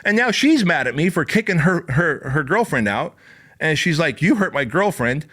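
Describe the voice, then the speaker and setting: A man's voice: a little high, big pitch swings, normal speed, bright, forceful tone, husky. A man hosting a podcast, telling a story in a casual, emphatic, profane way. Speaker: podcast host. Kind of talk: storytelling monologue.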